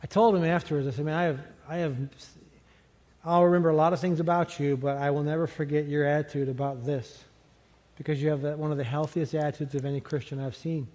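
A middle-aged man preaching a sermon as pastor, conversational and animated, chuckling now and then. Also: a little high, fast. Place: large church sanctuary. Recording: long hall reverb from a church sanctuary.

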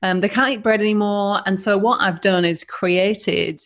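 A woman's voice: medium pitch, steady tone, moderate pace. A woman with a northern English accent, a business founder chatting informally as an interview guest. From northern England. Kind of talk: casual interview chat.

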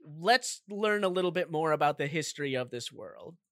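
A man's voice: on the high side, lively intonation, normal speed, a bit bright, dry recording, clean studio sound. A man co-hosting a podcast, casually recapping a video game story with jokey asides. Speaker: podcast co-host.

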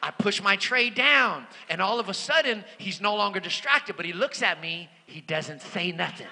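Man, preacher, sermon, very high voice, animated, hushed to shouting, long hall reverb. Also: moderate pace, vocal fry, few pauses, some chatter behind, slight background noise. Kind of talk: sermon with personal storytelling.

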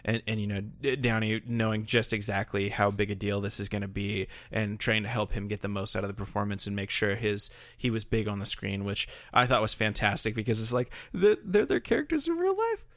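A man's voice: lowish voice, level tone, a little fast, few pauses, a bit bright, no room sound, studio quality. A man co-hosting a podcast in casual chat, rambling with many fillers and restarts. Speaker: podcast co-host.

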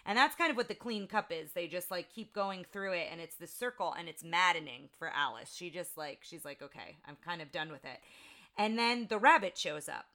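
A woman's voice: fairly low pitch, expressive, a little fast, pushed and bright. A woman co-hosting a casual podcast, chattily retelling a film scene and acting out the characters' lines. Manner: chatty storytelling, frequent "like"s, acts out quotes. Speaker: podcast co-host.

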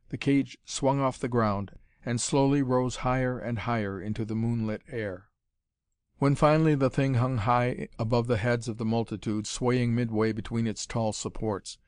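A man reading an adventure story aloud as narrator, in a measured, dramatic manner. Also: mid-range voice, a little mellow, clean tone, dry recording, clean studio sound. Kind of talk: audiobook reading of pulp adventure fiction.

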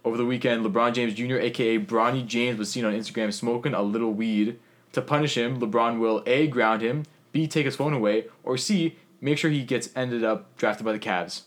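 A man's voice: mid-range voice, fairly quick. A man co-hosting a casual basketball podcast. He is upbeat, laughs often and leads the news segment. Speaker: podcast co-host. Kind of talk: casual sports chat.

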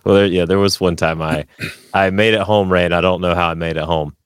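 Low-voiced joking man co-host. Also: steady tone, a little fast, clear, resonant tone, no echo, studio quality. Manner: joking, ribbing, rambling. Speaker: podcast co-host. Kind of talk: casual chat.

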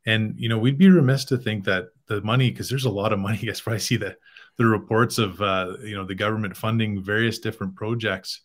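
A man from Canada, a guest on a podcast, speaking in an earnest, measured way with fillers. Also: on the low side, fairly even intonation. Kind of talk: podcast conversation.

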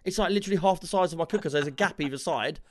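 A man with a rather high voice races through a long story in casual chat. He tells it with animation, quoting in dialogue the people he argued with.

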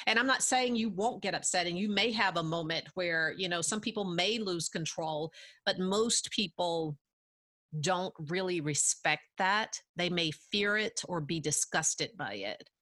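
A middle-aged woman, a podcast guest, giving measured advice in a casual interview and laughing easily. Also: lowish voice, fairly bright tone.

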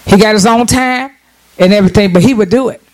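A man's voice: high-pitched, quick pace, low-quality recording. A man preaching a sermon, calling for amens and praise from the congregation, often restarting his phrases as he builds his point. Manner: animated preaching with call-and-response and frequent restarts.

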